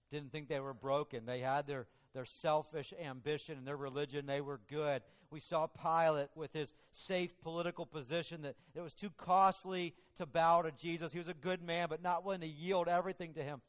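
A man's voice: fairly high pitch, fairly even intonation, moderate pace. A male preacher delivering a dramatic, emphatic sermon, often restarting his phrases. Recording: long reverb of a large hall.

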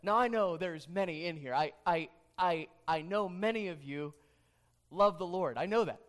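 A man with a somewhat high voice preaches to his congregation. He is earnest and keeps circling back to the same questions, restarting his phrases as he pushes his point home. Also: moderate pace. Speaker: pastor. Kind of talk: sermon. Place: church sanctuary.

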